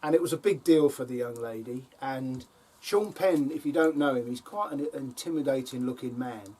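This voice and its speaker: A man's voice: mid-range voice, moderate pace, dark tone, husky. An older man on his allotment, casually telling funny anecdotes with lots of ums and chuckles. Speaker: allotment vlogger. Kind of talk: casual storytelling to camera. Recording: voice from a distance with faint outdoor ambience.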